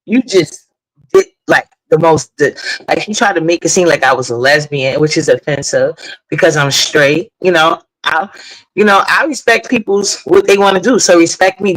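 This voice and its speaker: A woman's voice: low-pitched, poor audio. A woman hosts a loose live-stream chat in a blunt, rambling way. She swears without hesitation and drifts from one point to the next. She breaks off now and then to greet people in the chat. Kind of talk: casual live-stream commentary.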